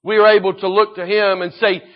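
A man preaching a sermon, moving between quiet solemn scripture reading and loud fervent exhortation. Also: high-pitched, level tone, fairly quick, highs cut off. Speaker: pastor.

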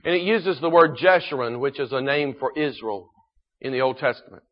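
A man preaching a sermon in an earnest manner, slowing down to stress key points and often clearing his throat. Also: medium pitch. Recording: dull lo-fi recording.

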